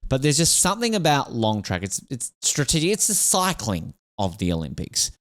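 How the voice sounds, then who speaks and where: A man's voice: medium pitch, huge pitch swings, moderate pace, no room sound, clean studio sound. A man hosting a casual sports podcast, rambling and jokey, laughing often. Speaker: podcast host.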